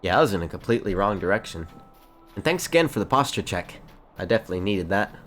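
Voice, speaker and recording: A man's voice: deep voice, sing-song, fast, fairly bright tone, faint music behind. A man streaming a fantasy game late at night, chatting casually and playfully, rambling and talking to himself as he plays.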